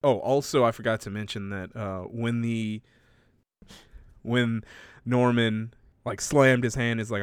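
Man, casual chat, laughs a lot, swears, middle pitch, dry close sound. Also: unhurried, clean tone, dry recording. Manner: laughs often, swears freely, animated retelling. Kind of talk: casual chat recapping a story.

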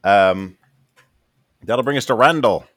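Low-voiced man running a tabletop game. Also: takes it slowly, fairly bright tone, no room sound, clean studio sound. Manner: loose, hesitant narration with many fillers. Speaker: game master.

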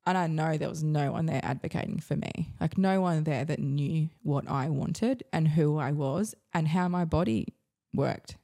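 An Australian woman tells her story as a podcast guest, her voice low-pitched and mellow. She talks frankly and ramblingly, full of fillers and easy swearing. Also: moderate pace, few pauses. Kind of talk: candid personal storytelling.

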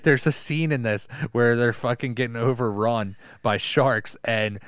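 A man's voice: mid-range voice, a little slow, fairly bright tone, clean tone, no echo, clean studio sound. A man co-hosting a casual podcast movie review, laid-back and often laughing as he reads credits and describes scenes. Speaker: podcast co-host.

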